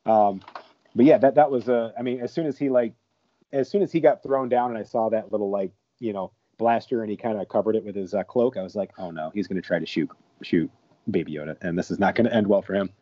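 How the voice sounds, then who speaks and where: Man, casual podcast chat, excitable, stammers, repeats himself, dull lo-fi sound, dry room. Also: lowish voice, fast, no echo. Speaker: podcast co-host or guest.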